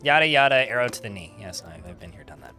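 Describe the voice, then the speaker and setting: A young man giving casual gameplay commentary, joking and rambling, thinking out loud and swearing freely. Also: medium pitch, expressive, quick pace, soft background music. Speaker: streamer playing a game.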